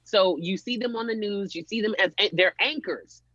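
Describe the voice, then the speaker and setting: A man hosting a casual podcast chat, animated and swearing, repeating his points for emphasis. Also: sits high, moderate pace, no room sound. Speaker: podcast host. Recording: dry muffled lo-fi audio.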